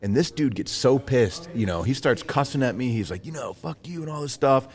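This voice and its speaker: A man's voice: mid-range voice, fairly quick. A man in his thirties co-hosting a podcast, telling a story in casual chat and acting out the voices of the people in it. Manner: animated storyteller, acts out quoted voices. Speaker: podcast co-host.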